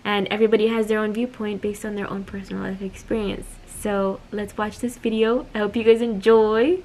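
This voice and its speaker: A woman hosting her own channel, chatting straight to her viewers as she introduces a reaction video. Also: mid-range voice. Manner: chatty, addressing viewers directly. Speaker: channel host.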